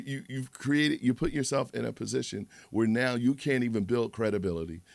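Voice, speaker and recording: A man hosting a livestream speaks in a medium-pitched, creaky voice, rambling and moralizing through a casual monologue with many restarts. The recording is dry.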